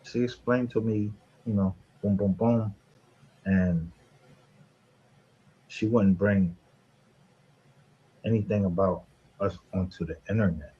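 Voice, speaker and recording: Man on stream going off, husky voice, yelling n laughing at ppl, muffled audio. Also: lowish voice, slow pace, long pauses. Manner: profane, mocking, shouting with bursts of laughter. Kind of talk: heated livestream argument.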